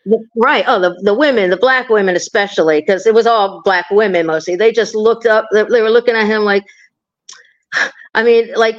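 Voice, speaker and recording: A middle-aged woman, a podcast guest, telling a story in a rambling casual way, with many restarts and animated quotes. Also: mid-range voice, normal speed, lo-fi sound.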